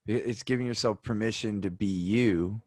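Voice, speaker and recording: Animated man telling stories, dry sound. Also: lowish voice, normal speed, no room sound. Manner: animated storyteller, acts out quoted voices. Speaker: podcast host. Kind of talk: casual conversation, storytelling.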